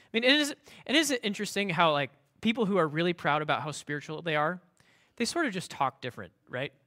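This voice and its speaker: Guy preaching, high bright voice, chatty and full of restarts. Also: very animated, quick pace. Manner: conversational, many fillers and restarts; mocking voice for the proud scribes. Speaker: pastor. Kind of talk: sermon.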